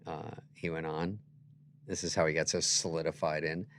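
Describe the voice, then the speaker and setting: A middle-aged man telling comedy stories in casual chat, acting out voices as he quotes people. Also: normal speed. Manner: animated, acts out quotes with loud jumps in pitch. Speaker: comedian guest.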